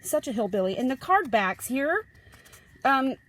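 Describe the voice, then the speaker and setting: Slow, chatty woman gushing. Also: sits high, big pitch swings, a bit bright. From Ozarks, United States. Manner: chatty, rambling, self-interrupting; gushing exclamations. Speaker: tarot reader. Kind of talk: casual tarot deck review.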